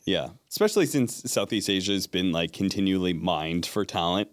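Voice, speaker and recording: A man's voice: low-pitched, lively intonation, a little fast. A man who works as an esports play-by-play caster, chatting casually and animatedly in an interview, laughing often.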